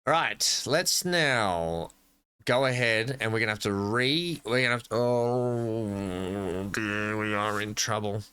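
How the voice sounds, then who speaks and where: A man's voice: lowish voice, animated, normal speed, pushed and bright, clear, resonant tone. An Australian man hosting a casual gameplay commentary, chatty and jokey, talking to himself as he plays. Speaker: gaming channel host.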